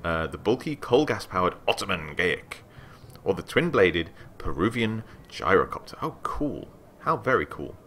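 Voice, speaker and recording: A man hosting a let's play, reading game text aloud with excited asides. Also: sits low, normal speed, a little hiss or hum.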